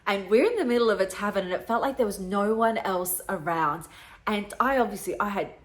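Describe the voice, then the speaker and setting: A woman's voice: mid-range voice, lively intonation, fairly quick. A middle-aged woman tells a personal story with emotion and earnestness. Her voice sits in a middle register, and she often circles back and repeats her words as she talks. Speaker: podcast host.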